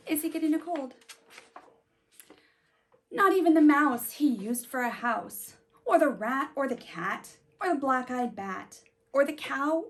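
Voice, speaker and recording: A woman reads a picture book aloud to children in a lively, sing-song voice that swoops up and down. Her voice sits a little high, and she takes her time, pausing to ask her young listeners questions. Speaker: storybook reader.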